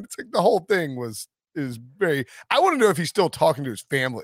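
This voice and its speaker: A man hosting a sports betting podcast, talking in a jokey, animated way and laughing often. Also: on the high side, quick pace, few pauses, no echo, studio quality. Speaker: podcast host. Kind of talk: casual sports betting chat.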